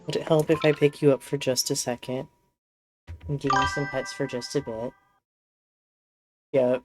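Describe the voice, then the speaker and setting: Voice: mid-range voice, flat delivery, normal speed, music in the background. A streamer in casual live-stream chat, rambling and talking fondly to a pet cat while playing.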